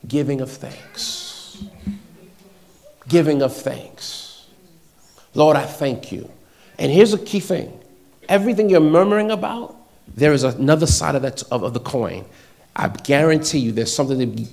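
A man preaching a sermon, repeating short phrases and swinging between loud exhortation and hushed, near-whispered passages. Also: a little high, creaky.

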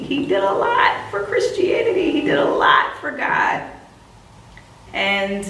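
A woman preaching a sermon, reading scripture slowly and emphatically, then breaking into casual slang asides. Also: fairly high pitch, fairly bright tone, a little hiss or hum. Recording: echoey room, voice from a distance.

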